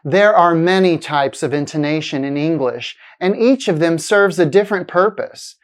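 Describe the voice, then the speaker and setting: A woman teaching a pronunciation lesson in a scripted, clear manner, stretching out example sentences. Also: low voice. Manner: clear, deliberate, exaggerated intonation in examples.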